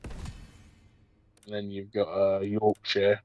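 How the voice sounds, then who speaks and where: Casual streamer, man, soft southern English accent from Brighton, rambling chat, faint music under. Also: fairly low pitch, monotone, slow, pauses often, lo-fi sound. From southern England. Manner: chatty, rambling, full of fillers.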